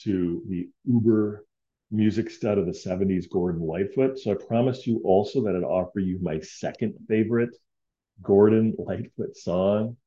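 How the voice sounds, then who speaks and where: A man's voice: fairly low pitch, moderate pace, warm tone, muffled recording, slight background noise. A man hosting a casual solo podcast, rambling and heartfelt with many fillers. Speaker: podcast host.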